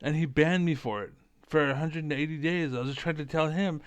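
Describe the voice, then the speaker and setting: A man giving a rambling, profane political monologue, often losing his train of thought and doing mocking squeaky impressions. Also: a little fast, clear, resonant tone, no room sound.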